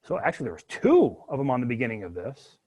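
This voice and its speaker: Speaking fast in a medium-pitched voice with a breathy edge, a university instructor takes his class through a live spreadsheet coding lesson. His delivery is animated, sprinkled with jokes as he works the code.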